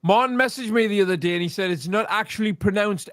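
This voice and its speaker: Brief: man, high voice, dry close mic, deadpan joker. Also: quick pace, no echo. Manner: dry joking, swearing. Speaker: co-host. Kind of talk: casual chat.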